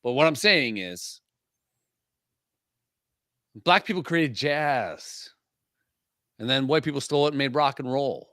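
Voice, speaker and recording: A man's voice: mid-range voice, animated, sharp tone, no echo, studio quality. A man co-hosting a podcast, cracking provocative, profane jokes in casual banter. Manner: provocative, profane, joking, fast-shifting emphasis. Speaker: podcast co-host. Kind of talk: crude joking podcast banter.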